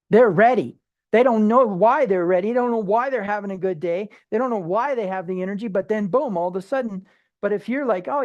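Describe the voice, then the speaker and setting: Bible study teacher, casual conversational teaching, rhetorical questions, quick restarts, acted-out asides. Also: mid-range voice, a little mellow, muffled recording. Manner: acts out everyday people in short quoted asides.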